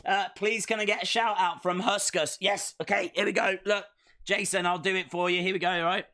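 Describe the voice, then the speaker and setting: A man's voice: high-pitched, steady tone, a little fast, sharp tone. A man hosting a live stream and rambling in a jokey way while he answers chat comments. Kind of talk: casual live watch-along chat.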